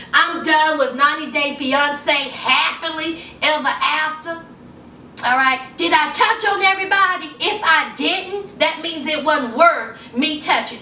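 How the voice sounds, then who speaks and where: A woman's voice: pushed and bright, a little hiss or hum. A woman vlogger recapping a reality show in casual, sassy chat, calling her viewers y'all and honey. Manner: acts out quoted people in a higher voice. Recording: echoey room, mic at a distance.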